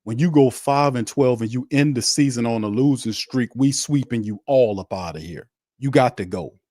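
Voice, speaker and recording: A man's voice: medium pitch, normal speed, darkish tone, dry recording, studio quality. A man hosting a sports show, delivering a heated, blunt rant on a live watch stream, repeating his points and mocking the other side. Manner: fiery, blunt and repetitive, with mocking asides.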